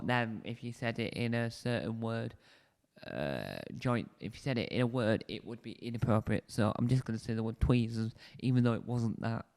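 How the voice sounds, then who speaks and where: Man, casual solo review, rambling, self-correcting, desk mic, medium pitch. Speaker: show reviewer, video host. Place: indoors, seated on a squeaky spinny chair. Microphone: desk mic close to the face.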